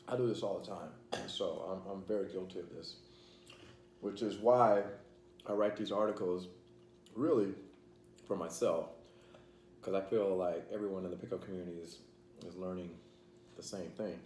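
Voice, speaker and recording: In an echoey room with a faint hum of background noise, a man hosting a casual vlog rambles through fillers as he eats. He speaks low, a little slow and a little mellow, with long pauses.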